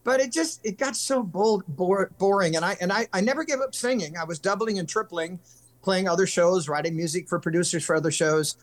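A man's voice: high-pitched, brisk. An older man from California, a country singer guest telling long earnest stories in casual interview chat. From California, USA. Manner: earnest, rambling storyteller.

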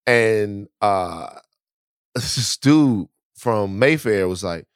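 A man's voice: on the low side, animated, very slow, smooth, dry recording. Loose-talking storyteller man on a dry podcast mic. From Baton Rouge, Louisiana. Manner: loose, profane storytelling with frequent restarts. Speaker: podcast co-host. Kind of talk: casual podcast chat.

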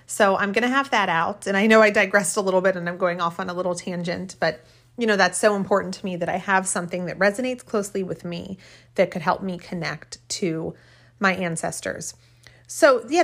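A woman's voice: mid-range voice, moderate pace, a bit bright. A woman hosting a podcast, telling a personal story in a heartfelt, rambling way and often laughing as she talks. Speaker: podcast host. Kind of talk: casual personal storytelling monologue.

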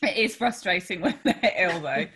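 Woman in her thirties, breathy sarcastic co-host. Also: lowish voice, lively intonation, normal speed, fairly bright tone. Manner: crude, laughing and sarcastic. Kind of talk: casual chat.

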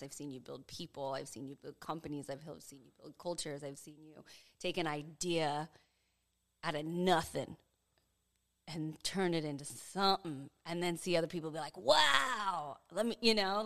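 A woman guest in a casual chat, laid-back and teasing, laughing often. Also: low-pitched. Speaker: podcast guest.

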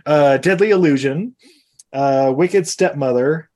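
A man's voice: fairly high pitch, measured pace, a little mellow. Laughing man co-hosting a film chat. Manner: laughs often, lists film titles with asides. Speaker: podcast co-host. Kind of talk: casual chat.

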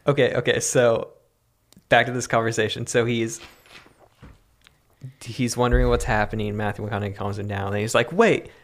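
A man co-hosting a podcast, brainstorming a story in a relaxed, chatty way. He laughs often and slips into acted-out lines, with an everyday mid-pitched voice. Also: normal speed, pauses often. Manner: easygoing, laughs often, acts out characters. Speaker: podcast co-host. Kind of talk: casual creative brainstorming chat.

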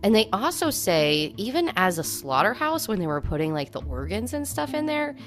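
A woman's voice: mid-range voice, big pitch swings, moderate pace. A woman co-hosting a podcast, casually recounting haunting stories with lots of "like" fillers. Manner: conversational storytelling, many "like" fillers. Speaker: podcast co-host. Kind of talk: casual chat about hauntings.

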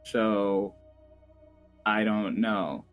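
A man's voice: lowish voice, fairly even intonation, extremely slow, soft background music, voice pushed down. A man voicing a flustered young male elf first mate who stammers and gets defensive.

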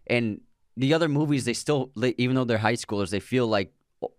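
An easygoing man chatting about films in an agreeable tone, at a middle pitch. The recording is dry and close, with no room sound. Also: fairly quick, no echo. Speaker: co-host of a movie channel. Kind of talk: casual movie discussion and sponsor read.

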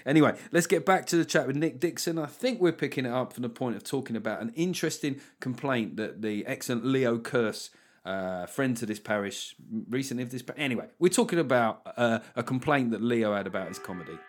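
A man's voice: medium pitch, animated, fairly quick. A man from the UK hosting a comedy podcast, chatting with sweary, teasing banter. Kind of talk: casual podcast chat.

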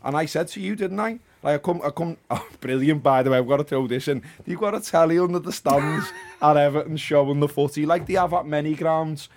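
A man's voice: on the high side, fairly quick, hardly any pauses. A man, a football podcast co-host reviewing a match in chatty, reflective casual talk. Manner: chatty, reflective, easily amused.

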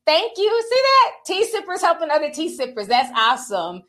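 Animated high-voiced woman livestream host. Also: moderate pace. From Minnesota. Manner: animated, playful, slangy, laughs often. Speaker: livestream host reading super chats. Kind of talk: casual livestream chat.

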